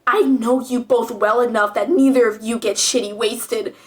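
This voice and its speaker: A man's voice: very high-pitched, fairly even intonation, moderate pace. A woman voicing a heartbroken young man who angrily accuses his cheating partner while sobbing. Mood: furious, tearful.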